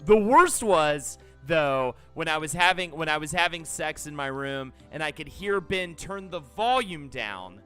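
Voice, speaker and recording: A man hosting a casual comedy stream, telling an embarrassing story in an animated, laughing, self-deprecating way. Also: on the high side, a little slow, few pauses, smooth, faint music behind. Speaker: host.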